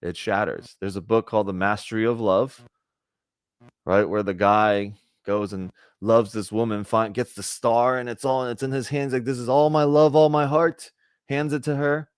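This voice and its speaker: A man's voice: fairly low pitch, fairly even intonation, moderate pace, smooth, dry recording, studio quality. A man giving a conversational spiritual talk to a group, often checking in with "right?" and acting out little bits of dialogue. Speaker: spiritual teacher.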